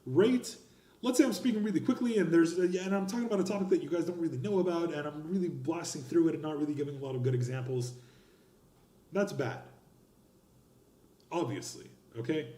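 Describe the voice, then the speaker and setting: A man teaching a college speech class, explaining grading criteria in an emphatic, expressive lecture style. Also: a little high, a little fast, roomy sound. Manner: emphatic and expressive, lively gestures. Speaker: college instructor.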